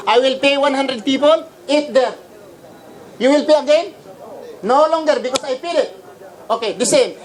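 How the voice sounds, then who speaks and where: A man's voice: very high-pitched, rough recording. A man with a Filipino accent preaching a polemical religious lecture, firing rhetorical questions at his audience. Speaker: Islamic preacher.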